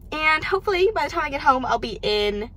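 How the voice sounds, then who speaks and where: Young woman vlogging about books from home, bright tense voice, rambly and self-deprecating. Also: high-pitched, normal speed. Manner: chatty, animated, self-deprecating with bursts of loud excitement. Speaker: book vlogger. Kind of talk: casual chat to camera. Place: her home.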